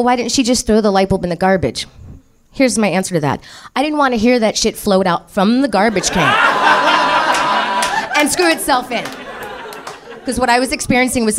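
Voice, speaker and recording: A woman telling a comic ghost story to an audience, animated and profane, often laughing as she talks. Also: medium pitch.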